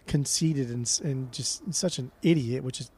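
A man co-hosting a podcast, talking in an animated, mocking casual way and swearing often. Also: mid-range voice, moderate pace, a little hiss or hum. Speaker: podcast co-host. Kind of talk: casual chat.

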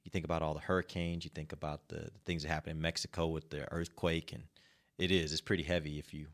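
A man's voice: a bass voice, level tone, fast. A man hosting a casual sports talk show, easygoing and teasing his co-hosts. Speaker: podcast host.

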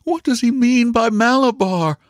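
A man reading a story aloud and voicing an anxious upper-class mother in a strained falsetto. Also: measured pace, dry recording, clean studio sound. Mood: distraught.

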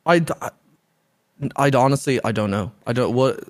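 A man's voice: medium pitch, normal speed, no echo, clean studio sound. A man hosting a podcast, chatting casually, joking and swearing, often restarting his sentences. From Ireland. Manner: joking, swears freely, stumbles over restarts. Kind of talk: casual chat.

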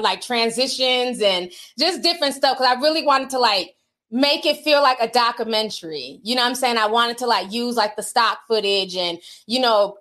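A woman's voice: a little high, a bit bright. A woman hosting a casual livestream, chatting and reading out viewer super chats, laughing often.

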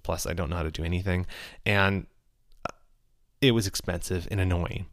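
A man's voice: low voice, fairly even intonation, normal speed, a bit bright, no echo, clean studio sound. A man in casual reflective talk, telling self-mocking stories and then turning earnest and preachy with faith lessons. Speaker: speaker sharing life lessons.

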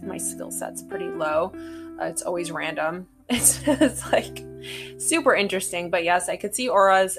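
Chatty woman, low voice, music behind. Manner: chatty, swears freely, many fillers. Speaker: spiritual podcast host. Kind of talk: casual monologue.

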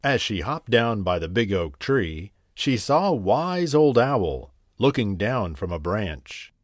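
A man reading a scripted bedtime story in a gentle, unhurried, expressive way. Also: on the low side, no echo, clean studio sound.

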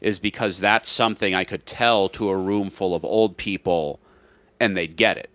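A man's voice: low-pitched, steady tone, normal speed, a bit bright, no echo. A man co-hosting a casual comedy podcast, telling a rambling story and acting out what people said. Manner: rambling storyteller, restarts and acts out quotes. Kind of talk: casual chat.

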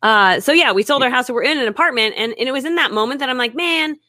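Fast-talking bright-voiced woman storyteller. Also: a little high, no room sound, studio quality. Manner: lively, acts out her own and others' remarks. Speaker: guest, author and network marketer. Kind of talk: animated storytelling in conversation.

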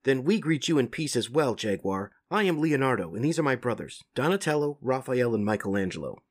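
A man's voice: mid-range voice, very animated, fairly quick, breathy edge, voice pushed up. A man voicing an earnest, polite young turtle leader in a comic read-aloud.

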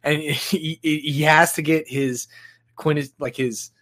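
Casual halting male podcast host. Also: fairly high pitch, fairly even intonation, a bit bright. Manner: halting, restarts often, laughs easily. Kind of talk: casual chat.

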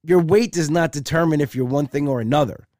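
A man's voice: a little high, fairly quick, a little mellow, no room sound. Dry-sounding man telling a chatty story. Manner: chatty, repeats "I said" while acting out both sides. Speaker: comedian. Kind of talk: casual storytelling.

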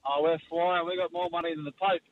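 A man with an Australian accent calling in to a radio show, cheeky and animated, laughing through his banter. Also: fairly high pitch, fairly quick, no room sound, narrow, tinny audio. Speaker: radio caller. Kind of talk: casual chat.

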